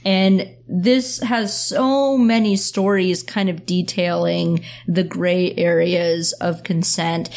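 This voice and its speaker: Earnest, fast-talking woman podcast host. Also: on the low side. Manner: earnest, talks in quick bursts with many fillers. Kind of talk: casual podcast discussion.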